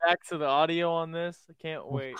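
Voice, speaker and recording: A man's voice: on the high side, fairly even intonation, normal speed, a crowd in the background. A young man co-hosting a casual chat, teasing his friend in laid-back banter. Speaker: co-host.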